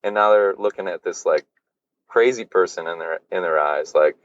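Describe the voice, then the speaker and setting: A man's voice: low voice, moderate pace, no room sound, dull audio. A man guesting on a podcast, telling a personal story casually, with lots of fillers and swearing. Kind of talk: candid storytelling.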